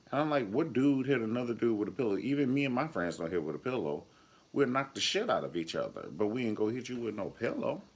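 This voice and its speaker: A man's voice: mid-range voice, breathy edge. A man reviewing a TV episode in a casual vlog, flamboyant, sassy and profane. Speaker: TV show reviewer.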